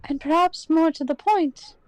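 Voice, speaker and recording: A woman's voice: very high-pitched, darkish tone, pitched above the performer's own voice, rough recording. A woman reading game dialogue aloud, voicing a polite, formal young female legal assistant. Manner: formal, courteous and measured.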